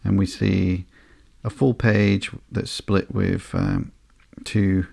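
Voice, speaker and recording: A man hosting a sleepy podcast, reading through a comic slowly and flatly with frequent ums and uhs. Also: deep voice, creaky, dry recording, studio quality. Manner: slow, flat and unhurried, with frequent ums and uhs. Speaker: podcast host.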